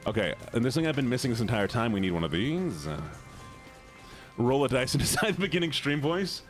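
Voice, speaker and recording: A man streams a game live and chats casually with his viewers, greeting each one by name. His pitch swoops up and down as he talks, and he reacts out loud to what happens on screen. Soft music plays faintly behind him. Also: big pitch swings, a little fast. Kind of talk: casual live-stream chat while gaming.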